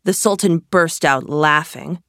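A woman narrating a storybook in a slow, measured way. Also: deep voice, a bit bright, no echo, clean studio sound.

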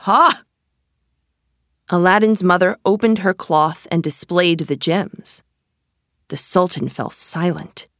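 A woman narrating a storybook in a slow, measured way. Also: on the low side, no room sound, studio quality.

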